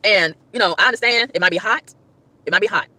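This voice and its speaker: A woman ranting to her livestream chat, emphatic and exasperated, with loud whoops. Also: medium pitch, quick pace, no room sound. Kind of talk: casual livestream rant.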